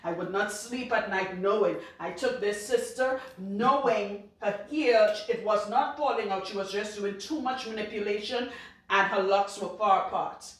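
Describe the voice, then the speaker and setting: A woman with a Trinidadian accent, a loctician talking casually to camera, blunt and outspoken, cussing freely and laughing loudly. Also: mid-range voice, normal speed, far from the mic. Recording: very echoey room, off-mic.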